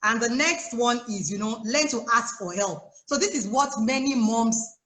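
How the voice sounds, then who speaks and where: Animated Nigerian woman on a roomy call. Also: a little high, moderate pace. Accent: Nigerian English. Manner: animated and chatty, with frequent laughs and asides. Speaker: guest life coach for mothers. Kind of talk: casual advice on a live chat. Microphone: phone or laptop on a video call.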